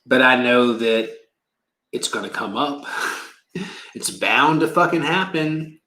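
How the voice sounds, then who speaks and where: Man, card reader, rambling and emotional, heavy swearing, bright tone, echoey room. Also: mid-range voice, expressive, slow. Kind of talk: casual livestream rant and card reading.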